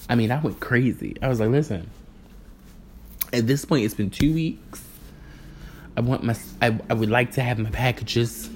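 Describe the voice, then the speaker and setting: A man's voice: medium pitch, slight background noise. A man telling a rambling, exasperated story in a casual vlog, acting out the people in it. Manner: animated, exasperated storytelling with voiced asides. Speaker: vlogger.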